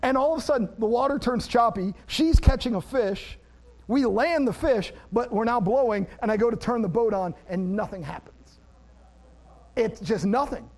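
A man preaching a sermon, an animated storyteller who laughs at himself and then moves into plain teaching about scripture. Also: very high voice, moderate pace. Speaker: pastor.

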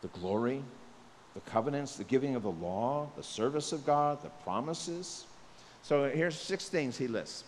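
A man preaching a sermon, animated, acting out the voices of the people he describes. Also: mid-range voice, a little slow. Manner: animated, acts out voices of people, jokes aside. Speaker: pastor. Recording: long reverb, faint hiss.

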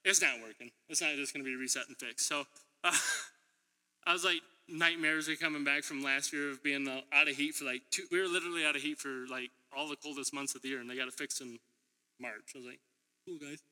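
A preacher who also teaches middle school gives a sermon in a church hall, his fairly quick, fairly high voice steady in tone but pushed and bright. He laughs a lot, tells stories in a chatty way and acts out people's words. Long hall reverb surrounds the recording.

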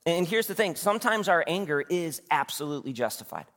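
Very animated and a little fast, this thirtysomething pastor preaches in a fairly high, fairly bright voice. He keeps the sermon conversational, quizzing the congregation and dramatizing quotes, while the church hall adds long reverb.

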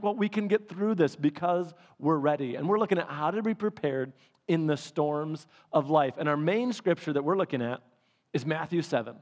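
A man preaching a sermon, telling a story with laughs and lively energy. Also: high-pitched. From Michigan. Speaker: pastor. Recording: long hall reverb.

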